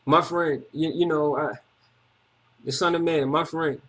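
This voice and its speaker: Husky man giving a rambling testimony. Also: fairly high pitch, steady tone, measured pace, fairly bright tone. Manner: repetitive, emotional, slangy street talk. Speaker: testimony speaker.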